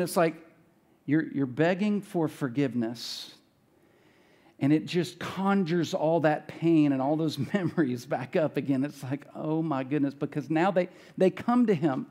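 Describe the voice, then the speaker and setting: A man's voice: fairly high pitch, a little mellow. A man preaching a sermon as pastor, talking in a conversational way and acting out the voices of biblical characters. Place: church.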